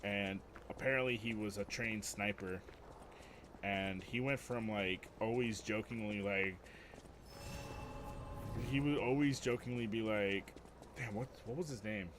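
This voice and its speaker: Low-voiced young man telling rambling stories. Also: measured pace, pauses often, noisy background. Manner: rambling, profane, laughs at his own stories. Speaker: streamer. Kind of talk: casual storytelling.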